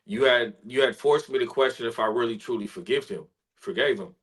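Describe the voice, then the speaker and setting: A man's voice: mid-range voice, fairly quick, breathy edge, rough recording. Earnest man telling a heartfelt story. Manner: earnest, heartfelt, soft-spoken at times. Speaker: guest, spoken word artist. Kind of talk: emotional personal storytelling.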